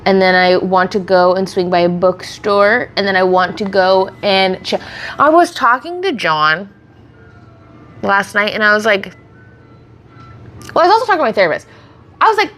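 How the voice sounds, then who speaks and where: A woman livestreams while getting ready, casually chatting and rambling as she takes viewers' questions on a close streaming mic. Her medium-pitched voice is animated and a bit bright, at normal speed but with long pauses.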